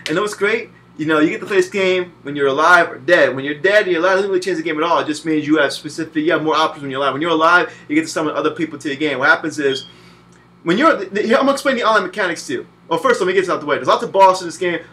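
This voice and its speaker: A man in his twenties, from Puerto Rico, giving a profane, animated video game review full of cursing and mocking voices. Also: fairly high pitch, rapid-fire. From Puerto Rican. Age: 20s.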